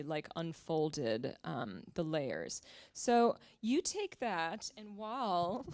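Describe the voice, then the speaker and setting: A woman guest writer in a library seminar who reads short pieces aloud and chats with many small laughs. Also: fairly low pitch. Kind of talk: conversational seminar reading aloud. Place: library event room with live audience.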